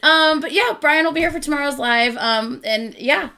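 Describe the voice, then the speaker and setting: A woman hosting a casual live stream, chatty and rambling, easily excited and quick to laugh. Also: high voice, slight background noise. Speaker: reaction channel host.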